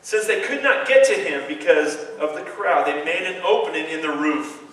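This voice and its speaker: A man preaching a lively, joking sermon and retelling a story in an animated, exclamatory way, recorded in a large stadium. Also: on the high side, moderate pace. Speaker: youth preacher. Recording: echoey stadium from far off.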